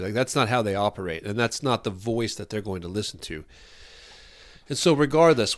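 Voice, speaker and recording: Speaking at medium pitch, a man hosting a podcast delivers an earnest, rambling solo talk about parenting, often repeating phrases while he hunts for the right words.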